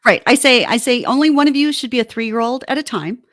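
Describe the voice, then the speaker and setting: A woman co-hosting a relationship podcast, giving casual advice and acting out gentle, soothing phrases. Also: fairly high pitch, brisk, no room sound, studio quality. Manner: animated, acts out kind soothing phrases.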